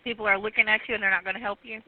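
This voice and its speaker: A woman emergency dispatcher on a phone call, giving short, flat, commanding instructions. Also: mid-range voice, racing, no echo. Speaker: 911 dispatcher. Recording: tinny phone line recording.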